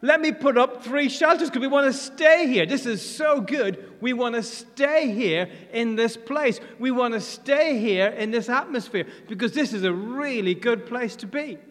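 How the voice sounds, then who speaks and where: A man acting out an eager, excited male disciple during a sermon, in an echoing church. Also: extremely high pitch, moderate pace, few pauses. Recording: long reverb of a large church hall.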